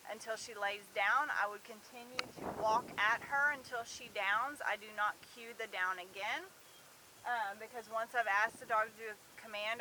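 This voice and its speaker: A woman training a herding dog, explaining her methods plainly to a camera set up in an outdoor livestock pen, giving calm, firm commands. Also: fairly high pitch, noisy background. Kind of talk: instructional talk to camera. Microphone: camera set up nearby, speaker at times moving away.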